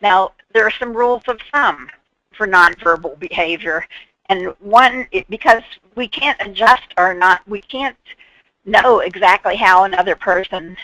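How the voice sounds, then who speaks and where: Bright-voiced woman teaching a webinar. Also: medium pitch, a little slow, no room sound, low-quality recording. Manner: explains through worked examples, acting out short quoted lines. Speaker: webinar presenter on patient experience. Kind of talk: instructional webinar talk.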